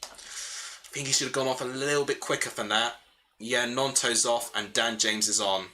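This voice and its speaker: A young man with a bright, forward voice hosts a live football watchalong. He calls the action as it happens and answers viewers' chat in between, thinking out loud as he talks. His pitch sits in the middle of the male range. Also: steady tone, normal speed. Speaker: livestream host.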